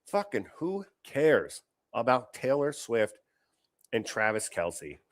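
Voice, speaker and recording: A man's voice: medium pitch, very animated, takes it slowly, no echo. A man hosting a show, giving blunt, opinionated reaction commentary on clips, swearing often and restarting his sentences.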